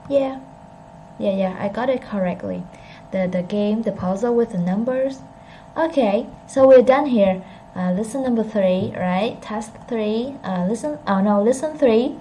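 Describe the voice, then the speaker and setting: A woman teaching an English pronunciation lesson, repeating phrases slowly and correcting herself as she goes. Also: medium pitch, dark tone, a little hiss or hum, poor audio.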